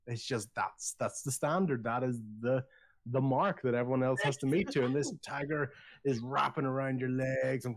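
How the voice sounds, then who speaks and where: A man's voice: medium pitch, moderate pace. A man playing a tabletop game, chatting in a rambling, laughing way. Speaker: player. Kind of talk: casual chat.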